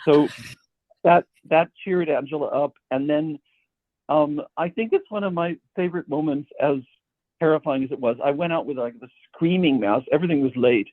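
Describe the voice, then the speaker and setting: A man's voice: a little high, moderate pace, dry recording. Stammering male storyteller on a tinny line. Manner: stammering, repeats words when starting sentences. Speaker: guest composer. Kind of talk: anecdotal storytelling.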